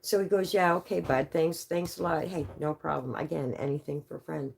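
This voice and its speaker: A woman from Canada telling a rambling, profane story live to an audience, full of quick asides. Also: sits low, steady tone, gravelly, a little mellow, husky.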